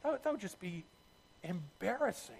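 A man preaching a sermon, telling the story in a lively way with asides to his listeners. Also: sits high, normal speed, creaky, husky, big-room sound. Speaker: pastor.

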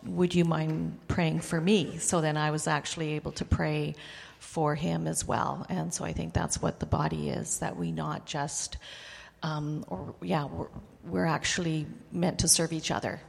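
A woman from the congregation sharing a short, halting testimony with many fillers. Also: deep voice, level tone, vocal fry, slightly rough. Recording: long hall reverb.

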